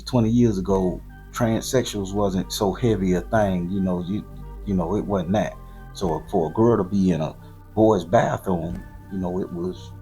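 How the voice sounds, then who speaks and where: A man in his forties with a Southern US accent from southern Florida, telling a profane, animated true story in loose slang. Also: fairly low pitch.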